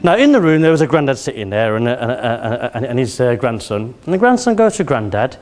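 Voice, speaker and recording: A man's voice: medium pitch, sing-song, a little fast, a little mellow, slight background noise. A man in his forties from Birmingham, with a Birmingham accent, giving a motivational speech to an audience and drawing them in with questions and anecdotes. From Birmingham, England. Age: 40s. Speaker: competition speaker. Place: event hall before an audience.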